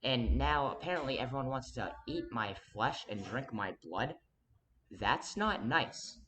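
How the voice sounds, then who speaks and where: A man's voice: medium pitch, expressive, moderate pace, fairly bright tone. A man in a rambling to-camera monologue, earnest and insistent, talking straight to the viewer and jumping between thoughts with restarts. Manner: rambling, restless, frequent restarts and sudden emphatic jumps. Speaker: vlogger.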